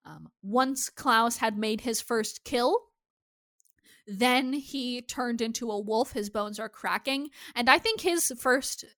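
A woman's voice: on the high side, slow, fairly bright tone, no echo, clean studio sound. A woman co-hosting a casual TV recap podcast, chatty and swearing freely as she acts out lines from the episode. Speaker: podcast co-host.

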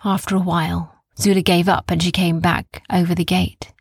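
Soft bedtime story woman, half whispered, breathy gravelly voice, dry close sound. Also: fairly low pitch, no echo. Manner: slow, calm, gentle, repeating soothing phrases.

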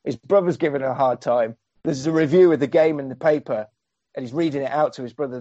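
A man's voice: medium pitch, normal speed, mellow, no room sound, dull audio. A man doing a comic, sweary, sarcastic recap of a film as a podcast host.

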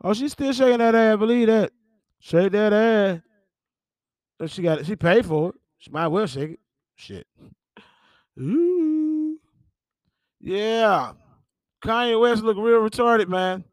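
A man's voice: high-pitched, animated, takes it slowly, pauses often, dry recording. A man hosting a podcast, reading celebrity headlines and reacting with profane exclamations and laughter. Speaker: podcast host. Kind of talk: casual celebrity gossip commentary.

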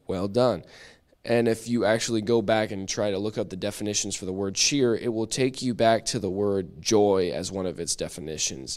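A man leads a church Bible study in a casual, talkative way. His voice sits on the lower side, and he laughs at himself and restarts sentences as he goes. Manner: chatty and self-deprecating, with frequent restarts.

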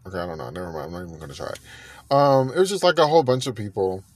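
A man hosting a podcast, chatting in a gushing, animated way and repeating himself often. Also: lowish voice, racing. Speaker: podcast host. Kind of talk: casual music gossip chat.

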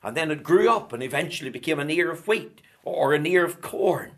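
A man preaching a sermon, building rhetorical questions and swinging from loud declarations to hushed tones. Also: fairly high pitch, expressive, fairly quick.

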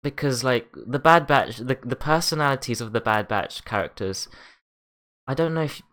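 A man with a New Zealand accent co-hosting a casual chat, talking in a relaxed way with many fillers and restarts. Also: mid-range voice, normal speed.

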